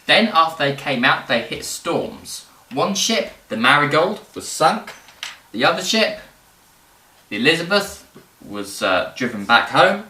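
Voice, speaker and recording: A man presenting history in casual educational storytelling, animated and rambling, with fillers and jokes. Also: on the high side, measured pace. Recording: roomy, distant mic.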